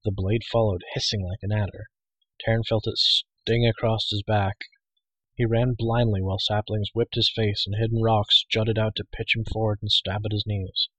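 A man narrating an audiobook in a steady, even storytelling manner. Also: on the low side, moderate pace, slightly rough, no echo, low-quality recording.

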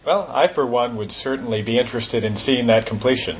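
A man moderating a panel discussion, relaxed and quick to laugh, using plenty of fillers. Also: mid-range voice, a little hiss or hum.

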